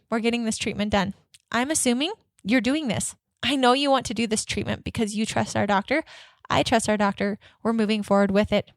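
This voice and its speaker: A woman hosting a dental practice podcast, coaching staff in an energetic, upbeat way and acting out both sides of patient conversations. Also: a little high, no echo, clean studio sound. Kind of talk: instructional podcast with role-played office dialogue.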